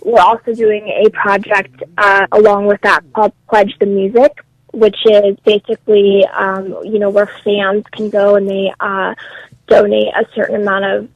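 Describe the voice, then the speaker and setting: A woman musician being interviewed on a radio show, answering in a soft, halting way with many ums and uhs. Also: medium pitch, creaky, no echo, low-quality recording. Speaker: guest musician.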